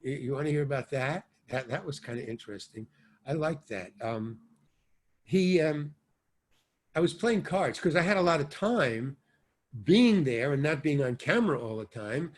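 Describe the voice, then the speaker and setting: An older man, an actor and stand-up comedian, telling rambling anecdotes as an interview guest, with sudden swings between loud and soft. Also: on the high side, lively intonation, moderate pace. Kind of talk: casual anecdotal storytelling.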